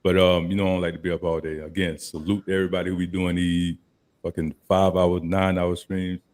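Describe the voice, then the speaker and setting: A very deep-voiced man hosts a stream in a relaxed, easygoing way. His talk is loose, casual and salted with swearing. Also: fast talker. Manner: laid-back and profane. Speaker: host.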